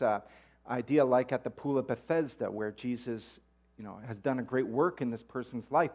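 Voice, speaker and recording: A man preaching a sermon, reading scripture aloud in a conversational way and animating the quoted voices. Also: mid-range voice.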